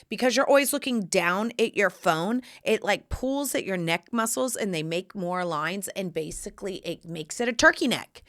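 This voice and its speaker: Sassy, animated woman host, bright voice. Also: on the low side. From Texas. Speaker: podcast host. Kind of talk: casual chat. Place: studio or home set, shooting video.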